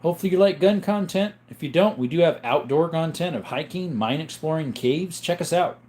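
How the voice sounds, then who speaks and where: A man hosting a live stream in casual chat, greeting viewers and reading their questions aloud, explaining things in a relaxed, rambling way. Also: on the high side, a little fast.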